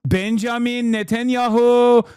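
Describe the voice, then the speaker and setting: An over-the-top, fawning man with a thick Persian accent, as a streamer puts him on. He drags each phrase out slowly in a raised, sing-song voice. The sound is close and dry. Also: extremely high pitch, level tone, a little mellow, smooth, no room sound, pitched above the performer's own voice. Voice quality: drawn-out, sing-song delivery. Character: exaggerated older male Persian speaker, fawning.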